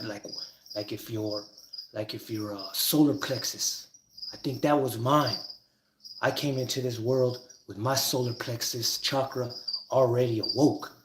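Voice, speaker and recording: Rambling man, echoey with crickets. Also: mid-range voice. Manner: rambling, swears casually, many restarts. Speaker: spiritual teacher. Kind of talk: casual spiritual teaching monologue. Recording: echoey, with bird and cricket noise.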